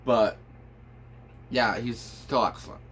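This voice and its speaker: A man's voice: mid-range voice, slow, a bit bright, a little hiss or hum. A man giving casual, unscripted hockey opinions, rambling with many fillers and restarts, sounding tired. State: tired, yawning. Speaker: hockey commentator.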